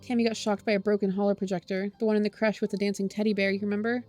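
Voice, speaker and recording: A woman voicing an edgy, awkward teen boy who talks in a low, hushed way. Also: little pitch movement, rapid-fire, soft background music, close to an everyday voice.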